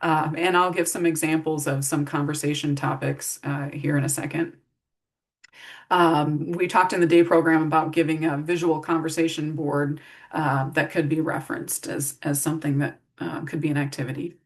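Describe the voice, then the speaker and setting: A middle-aged woman with a deep, fairly even voice gives a casual recorded training talk to care staff at a moderate pace. As a behavior support trainer, she walks through practical strategies and acts out example phrases.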